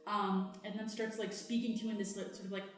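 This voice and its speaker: A woman's voice: mid-range voice, fast talker. A woman running a live tabletop improv game as dungeon master, vividly narrating scenes. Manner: lively, vivid scene-setting. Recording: echoey live theatre.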